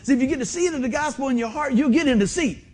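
A middle-aged man, preaching a folksy, animated sermon in a church and asking the congregation questions. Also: very high voice, quick pace. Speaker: pastor. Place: church sanctuary.

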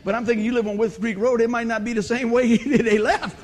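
A man's voice: extremely high pitch, level tone, a little fast, slight background noise. A male pastor, telling a funny story in a sermon, laughing often and acting out the voices.

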